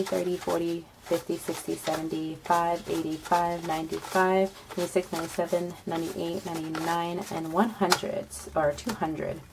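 A woman making a casual budgeting vlog, counting money softly under her breath and breaking into excited squeals. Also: on the low side. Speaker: budgeting vlogger. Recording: home recording with street noise behind. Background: passing bikes and street noise.

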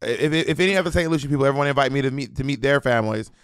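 A man's voice: mid-range voice, clean tone, no echo, clean studio sound. A man co-hosting a podcast in a playful, teasing casual chat. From Southern United States. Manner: teasing, quick-talking, playful. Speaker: podcast co-host.

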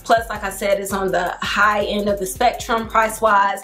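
A young woman vlogs to her viewers in an eager, talkative rush, full of casual slang and asides. Her voice sits at an ordinary middle pitch for a woman. Soft music plays faintly behind her. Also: normal speed. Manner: excited, chatty and slangy, addresses viewers as y'all. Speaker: home decor vlogger. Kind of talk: casual vlog storytelling to camera.

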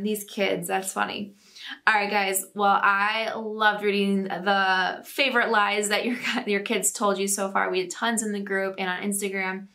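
A woman's voice: mid-range voice, sharp tone. A woman hosting a parenting podcast, reading listener stories aloud in a chatty, laughing way. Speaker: podcast host.

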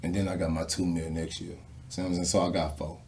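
A man and former football player, a guest telling animated stories in a casual interview with lots of slang and swearing. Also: sits low, fast, creaky, a little hiss or hum.

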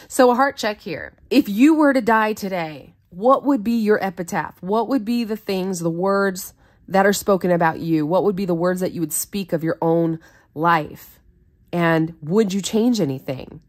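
A woman's voice: medium pitch, moderate pace. A woman who hosts a Bible study, reading scripture aloud and explaining it in an earnest, conversational way.

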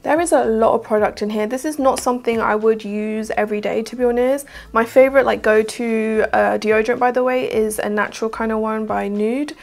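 Chatty British woman with vocal fry. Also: a little high, steady tone, a little fast, hardly any pauses. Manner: chatty, candid, peppered with "like". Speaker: beauty vlogger. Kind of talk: casual product review to camera.

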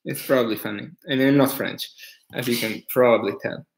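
A man from Italy chatting casually on a live stream as a guest, soft-spoken and self-deprecating, chuckling often. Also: mid-range voice, fairly even intonation, brisk, gravelly, reverberant, poor audio.

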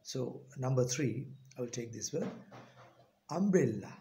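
Gravelly-voiced Sri Lankan man teaching pronunciation. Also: mid-range voice, dark tone, slight background noise. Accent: Sri Lankan English. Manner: repeats words slowly and deliberately. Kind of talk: pronunciation lesson.

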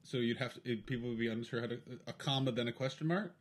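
A brash comic from Canada trades casual podcast banter, cursing freely and often tipping into loud mock rants. His voice sits at an ordinary middle pitch for a man. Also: fast talker. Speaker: guest comedian.

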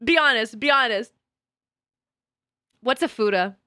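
A woman's voice: a little high, expressive, a little slow, pushed and bright, no room sound, studio quality. A woman streaming as a VTuber in casual chat, swearing freely and breaking into laughter often. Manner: profane and giggly, swears often and laughs a lot.

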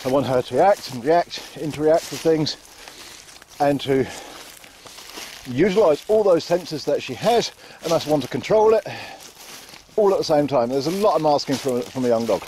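Guy chatting calm while out walking the dogs, keeps repeating himself, bit of outdoor noise. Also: fairly high pitch, moderate pace, long pauses, poor audio. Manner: calm, repetitive, calls out to the dog. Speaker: dog trainer. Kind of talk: casual walking commentary. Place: outdoors in fields.

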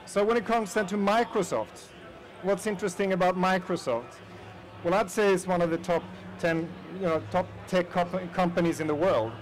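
A man's voice: high-pitched, moderate pace, low-quality recording. A man from Sweden with a Swedish accent, giving a chatty conference presentation and talking straight to the audience with plenty of fillers. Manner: chatty, addresses the audience directly with frequent fillers. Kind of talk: casual conference talk. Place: conference hall.

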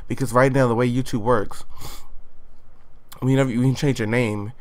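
A teenage guy hosting his own gaming channel, talking through a life-sim session in a sassy, chatty way. His voice sits at an ordinary mid pitch, and he tosses out playful exclamations between his running commentary. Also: fairly even intonation, normal speed, dry recording. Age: late teens. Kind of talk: let's play commentary.

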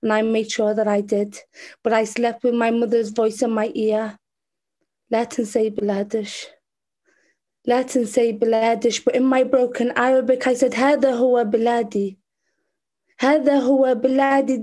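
Earnest Scouse woman, dark-toned. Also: a little high, flat delivery, moderate pace. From Liverpool, England. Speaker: poet. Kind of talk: spoken-word poetry performance.

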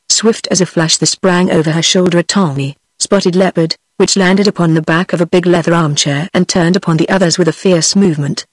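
A text-to-speech voice of a woman with a British accent, narrating a fairy-tale audiobook in an even, steady way. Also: fairly low pitch, no room sound.

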